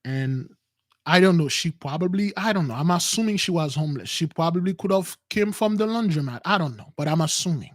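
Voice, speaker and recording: A spiritual channel host, his voice on the high side and fairly quick, animatedly recounts a dramatic personal story, acting out what people said. Addressing "brothers," he uses non-standard grammar and often repeats and restarts.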